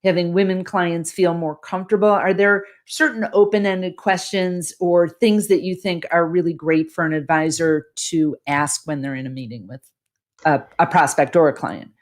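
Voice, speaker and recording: A woman's voice: on the low side, steady tone, normal speed. A woman hosting an interview, asking thoughtful, carefully phrased questions. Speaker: host.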